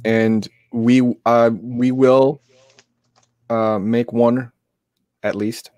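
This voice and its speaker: A man co-hosting a tabletop game live stream in casual chat, halting with frequent restarts, somewhat sick. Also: mid-range voice, level tone, a little mellow, dry recording.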